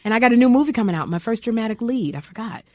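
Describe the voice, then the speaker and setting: A middle-aged woman who acts and does comedy chats as an interview guest, bringing her stories to life by voicing the characters in them. She talks rapid-fire in a slightly high voice, with no room sound.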